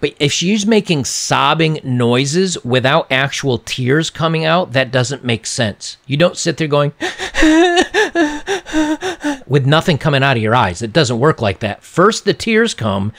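A man's voice: mid-range voice, fairly bright tone. A man giving casual, sarcastic and mocking commentary on a video clip.

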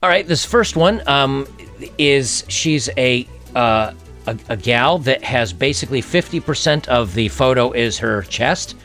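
A man's voice: mid-range voice, vocal fry, a bit bright. A man hosting a casual commentary vlog, reading dating profiles aloud in a sarcastic, mocking way. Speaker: online commentator.

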